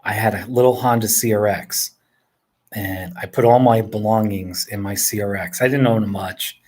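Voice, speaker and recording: A man's voice: fairly low pitch, fairly even intonation, normal speed, darkish tone, slight background noise. A man in his forties from northern New Jersey, chatting casually and rambling with viewers, chuckling often as he answers their questions. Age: 40s. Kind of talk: casual live chat. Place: indoors at home.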